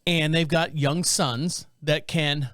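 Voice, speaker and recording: A man's voice: a little high, slow pace, dry recording. A man in his thirties hosting a podcast, telling a rambling story in a casual, conversational way. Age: 30s. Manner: rambling, conversational, with animated quoted voices. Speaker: podcast host. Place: home studio near Charlotte.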